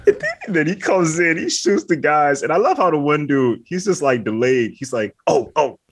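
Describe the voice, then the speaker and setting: A man's voice: on the high side, sing-song, moderate pace, breathy edge. A man co-hosting a casual podcast chat, rambling and filling his talk with "like" while laughing often. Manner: rambling, heavy on filler words, laughs often. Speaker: podcast co-host.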